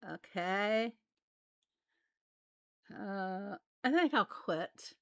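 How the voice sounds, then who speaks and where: A woman's voice: medium pitch, expressive, drawn-out words, gravelly, a bit bright, no room sound. A woman from Arkansas with a light Southern US accent, chatting casually as she plays a game and laughing often. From Arkansas, USA. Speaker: game channel host. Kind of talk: casual gameplay commentary.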